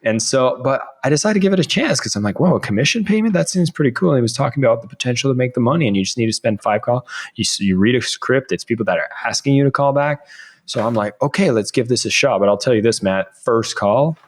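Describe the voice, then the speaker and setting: A man's voice: medium pitch, fast talker. A man in his thirties, a podcast guest, telling a casual story and acting out his own past lines.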